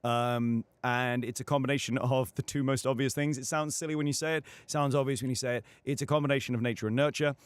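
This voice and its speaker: Speaking quickly with few pauses, this young man from the United Kingdom has a clean, mid-range voice and fairly even intonation, recorded dry. He's a British voice actor being interviewed casually on a livestream, thoughtfully explaining things with frequent fillers.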